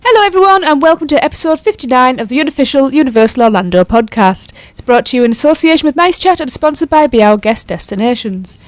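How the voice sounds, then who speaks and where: Bright-pitched upbeat woman hosting. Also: lively intonation, fast, few pauses, dry recording. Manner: upbeat, welcoming. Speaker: podcast host. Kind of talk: casual podcast chat.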